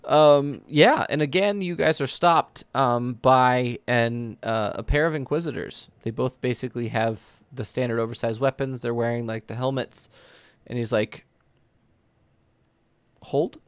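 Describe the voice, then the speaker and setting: A man running a tabletop role-playing game as game master, narrating in a casual, halting way with many pauses. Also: mid-range voice, clear, resonant tone, dry recording.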